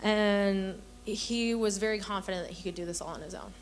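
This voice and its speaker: A woman's voice: medium pitch, normal speed, slight background noise. Woman giving an earnest church testimony. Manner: earnest storytelling, acts out quoted voices. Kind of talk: personal testimony.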